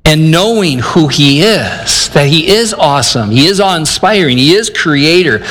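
Preaching in a hall full of reverb, an older male pastor from Michigan speaks a little slowly in an expressive voice on the high side, a bit bright. His earnest, conversational sermon includes him acting out his inner dialogue.

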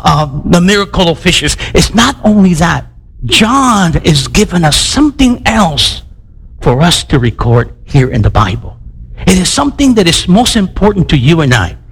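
A male preacher giving a sermon in a conversational, animated way, questioning his congregation and often restarting his sentences. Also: high-pitched, gravelly, breathy edge, low-quality recording.

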